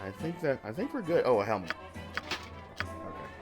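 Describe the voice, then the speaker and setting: A man's voice: mid-range voice, huge pitch swings, moderate pace. A man streaming a video game, chatting casually in a rambling, filler-heavy way. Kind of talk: casual gaming stream chat. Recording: faint game music behind.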